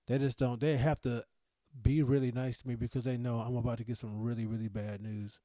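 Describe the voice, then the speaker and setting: A man's voice: mid-range voice, little pitch movement, brisk, mellow, dry recording. A man hosting a podcast, telling a personal story in an anxious, self-deprecating, rambling way. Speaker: podcast host.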